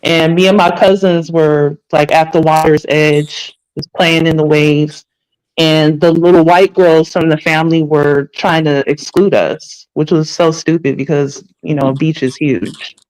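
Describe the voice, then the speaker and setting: A man with a slightly raised pitch speaks in casual conversation. He recalls early memories in a calm, reflective way, with an even and unhurried delivery. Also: clean tone, low-quality recording.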